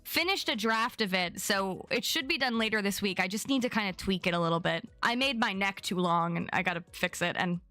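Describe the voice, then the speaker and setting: Chatty young woman streamer, bright voice, dry close mic, faint music behind. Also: mid-range voice, fairly quick, few pauses, no room sound. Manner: chatty, bubbly, greets viewers by name. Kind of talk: casual live-stream chat.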